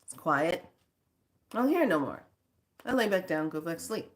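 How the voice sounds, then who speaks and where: A woman who teaches spirituality, telling a story casually in a drawn-out way, full of filler phrases. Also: fairly low pitch, big pitch swings.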